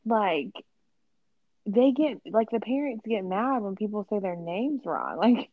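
A woman's voice: medium pitch, very animated, measured pace, no echo, phone-quality sound. A woman co-hosting a casual chat show, giving blunt, emphatic opinions. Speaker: podcast co-host.

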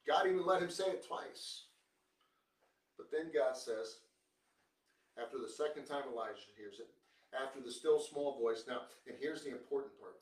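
A male preacher giving a sermon, emphatic, posing rhetorical questions and swinging between quiet and loud. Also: mid-range voice, normal speed, pauses often, distant mic. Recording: roomy, from off the mic.

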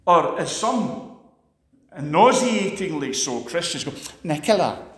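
A man preaching a sermon, impassioned, swinging sharply between loud and quiet. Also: expressive, moderate pace. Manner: impassioned, rises and drops sharply in pitch and volume. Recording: long hall reverb.

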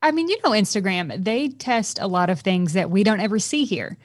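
A woman's voice: mid-range voice, lively intonation, fairly quick, no room sound. Chatty lady cohosting a podcast, easy laugh, dry sound. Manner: chatty, warm praise, laughs easily. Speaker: podcast co-host. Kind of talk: casual chat.

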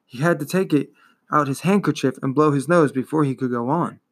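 A man reading a fantasy novel aloud in a measured, expressive storytelling manner. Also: on the high side. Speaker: reader.

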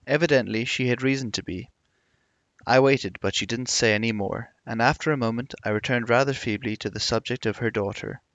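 A man narrating an audiobook in a measured, reflective reading voice. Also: mid-range voice, a bit bright, no echo. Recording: dull lo-fi recording.

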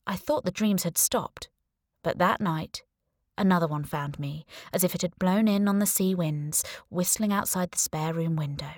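Young female audiobook narrator: low-set voice, dry studio sound, wry first-person delivery. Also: moderate pace, darkish tone, no echo.

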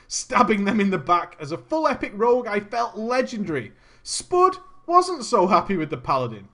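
Telling a gaming story as a comic reading, this man keeps interrupting himself with jokes and fake indignation. His fairly bright, high voice shifts tone widely phrase to phrase, and he curses liberally and laughs between lines.

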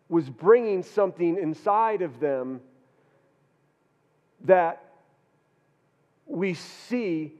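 A male pastor preaching a sermon, earnest, often repeating words as he builds his point. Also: sits high. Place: church hall. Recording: dull reverberant church hall.

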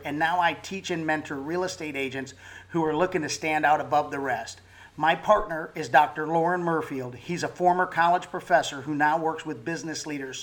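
A man's voice: fairly high pitch, a bit bright. An older man co-hosting a business talk show, moving from a scripted upbeat opening to joking banter.

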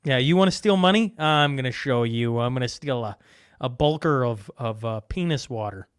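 A man's voice: medium pitch, lively intonation, moderate pace, clean tone. A man hosting a casual comedy chat show, joking, laughing often and stumbling over his words. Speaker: podcast host.

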